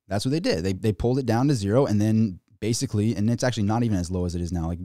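A man hosting a casual livestream and ranting about the markets, excitable and rambling, with many restarts. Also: lowish voice, very fast, no room sound, studio quality. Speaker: finance YouTuber.

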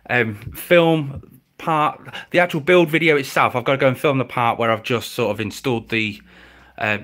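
A man chatting casually on a live stream from home beside his reptile enclosures, thanking viewers and cooing at his pets. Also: a bit bright. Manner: chatty and grateful, slips into a high baby voice for his pets.

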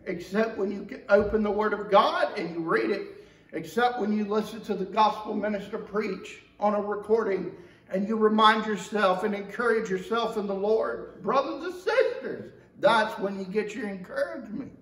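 High-voiced impassioned male preacher, echoey church. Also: normal speed, fairly bright tone. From Georgia, USA. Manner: impassioned preaching with big swings of pitch and volume. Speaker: pastor. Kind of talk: sermon. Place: church sanctuary. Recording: echoey church from the mic's distance.

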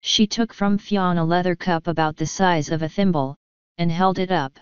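A woman narrating a novel aloud in steady storytelling. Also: on the low side, moderate pace, clean tone, no room sound. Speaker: audiobook narrator. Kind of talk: scripted narration. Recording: dull lo-fi audio.

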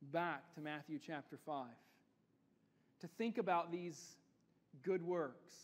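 A male pastor preaching a sermon in a church, earnest and building to emphatic repetition. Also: high voice. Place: church sanctuary. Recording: church hall with long reverb.

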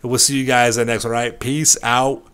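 A man's voice: medium pitch, flat delivery, fast, fairly bright tone, smooth. A young man giving playful gameplay commentary, hamming up a mock-dramatic story with streetwise slang. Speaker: gaming YouTuber.

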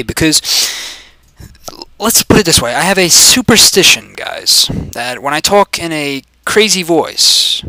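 A young man giving casual gameplay commentary, swearing and joking, swinging between loud excitement and mumbling asides. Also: mid-range voice, slow, smooth, no echo, low-quality recording. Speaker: video game commentator.

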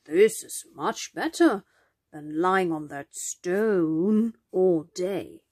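A woman voicing a kindly male bronze lion in a picture-book reading, with a gentle, playful manner. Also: on the low side, lively intonation, drawn-out words, dry recording, studio quality, heavily acted.

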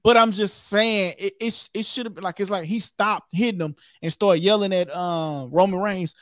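An excitable co-host in loose wrestling talk, acting out each moment with sound effects. The voice sits in a middle register. The sound is dry and close, with no room around it. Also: mid-range voice, moderate pace, no echo. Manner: animated, acts out what happened with sound effects. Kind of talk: casual wrestling chat.

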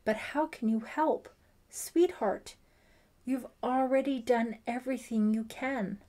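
A woman's voice: on the high side, takes it slowly, mellow, pitched above the performer's own voice. A woman voicing a grieving middle-aged father who is fiercely protective, in an emphatic, pained audiobook delivery. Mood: weary.

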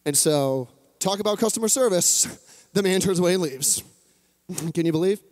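A man's voice: sits high, normal speed, darkish tone. A man preaching a sermon, retelling an old story in a chatty, humorous way with playful asides. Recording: long hall reverb.

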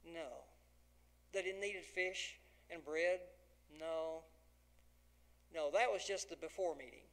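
A man's voice: a little high, takes it slowly, pauses often. A man preaching a folksy, dramatic sermon as pastor, acting out the dialogue of the scripture.

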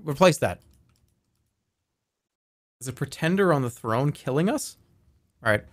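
A male streamer with a slightly raised pitch rambles playfully through his live session. He reads viewer messages aloud in a loose, joking way. The sound is close and dry, with no room around it. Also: animated, unhurried, no echo. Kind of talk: live game stream commentary.

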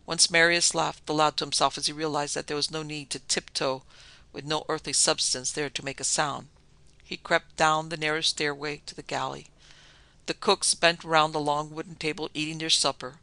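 A man narrating a classic horror story in a measured, dramatic storytelling manner. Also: a little high, little pitch movement, gravelly, pushed and bright, clear, resonant tone, dry recording. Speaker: podcast narrator.

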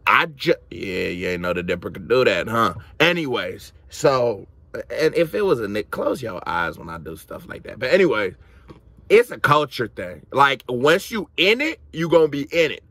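A man's voice: medium pitch, sing-song, moderate pace, pushed and bright, no room sound. Brief: male reaction host, loose slangy rambler, mid-range voice, dry close sound. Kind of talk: casual reaction commentary.

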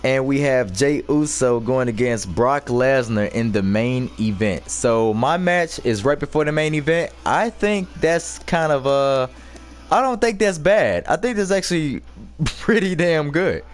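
A man commentating his own wrestling gameplay in casual chat, shouting profane trash talk at the screen. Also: medium pitch, expressive, a little slow. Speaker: gaming YouTuber.

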